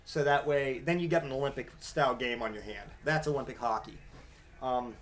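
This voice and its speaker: A man's voice: medium pitch, a little fast. A man hosting his own podcast, ranting in a casual comedic way and swearing almost every other word. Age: adult father. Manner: profane, rambling, swears constantly. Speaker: podcast host.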